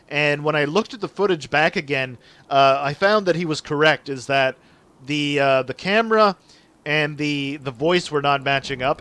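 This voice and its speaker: Chatty Canadian man streaming a game. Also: fairly high pitch. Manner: chatty, apologetic, excitable. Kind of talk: live gameplay commentary chatting with viewers.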